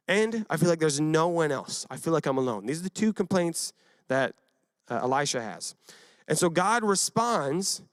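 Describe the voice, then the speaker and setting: A young man giving a casual youth sermon, retelling a Bible story with lively acted quotes and frequent asides to his listeners. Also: fairly high pitch, dry recording, studio quality. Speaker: youth pastor.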